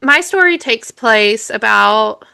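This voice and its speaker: Woman, podcast co-host, casual storytelling, slightly high voice, gravelly. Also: animated, slow, bright, forceful tone, dry recording. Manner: chatty, laughs often, self-correcting.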